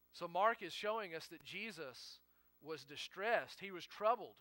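A man's voice: on the high side, animated, moderate pace, bright, forceful tone, no echo. A male pastor preaching a sermon in an earnest way, acting out the quotes he reads and often correcting himself mid-sentence.

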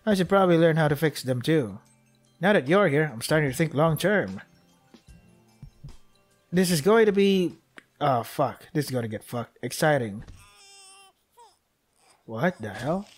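Excitable joking man playing a game. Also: on the high side, moderate pace, pauses often, soft background music. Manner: joking, excitable, talks to the game characters, laughs often. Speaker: gameplay commentator. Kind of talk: let's play commentary.

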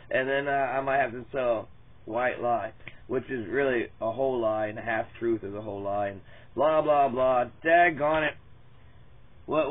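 A man reading Bible verses in a profane, rambling parody sermon, often losing his place. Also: medium pitch. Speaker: mock preacher. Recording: tinny lo-fi phone-like sound.

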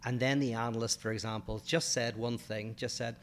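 A man with an Irish accent co-hosting a podcast, explaining philosophical ideas in a measured, patient way. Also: medium pitch, steady tone, a bit bright, slight background noise. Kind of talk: casual explanatory chat.

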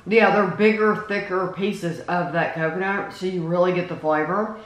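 A woman with a fairly low voice hosts a casual snack taste-test video at a normal speed, chatty and enthusiastic as she reads out package labels. The room is echoey with faint background noise.

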